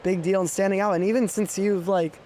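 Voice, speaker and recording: Young man, podcast host, high-pitched voice, reflective, lots of filler words. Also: steady tone, a little fast, darkish tone, slight background noise. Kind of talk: casual conversation.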